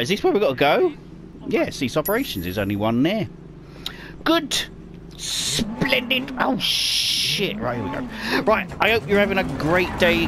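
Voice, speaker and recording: A Cockney man commentates his gameplay in a slightly high, very lively voice, swearing freely and erupting whenever the game surprises him. His tone is gravelly. Loud car and game noise plays under his talk. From East End of London. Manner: heavy swearing, excitable outbursts at the game. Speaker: gaming channel host. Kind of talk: casual let's-play commentary.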